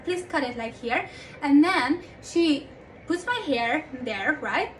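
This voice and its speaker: A young woman with a high voice rants to camera in a casual vlog. She sounds frustrated and swears freely. A faint hiss sits behind her. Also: fairly bright tone. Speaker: vlogger.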